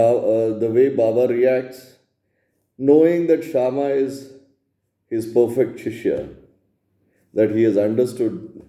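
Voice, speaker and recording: Dark-voiced man giving a spiritual talk. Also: on the low side, reverberant. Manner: earnest, explanatory, asks rhetorical questions. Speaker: spiritual teacher. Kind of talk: spiritual discourse on scripture.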